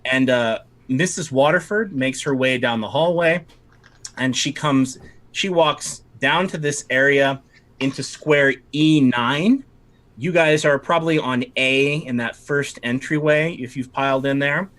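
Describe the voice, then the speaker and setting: A male game master narrating a tabletop campaign in a loose, rambling way, full of fillers. His voice is bright and clear-edged. He keeps the story moving in a relaxed, conversational tone. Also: medium pitch, unhurried. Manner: casual, rambling, many fillers.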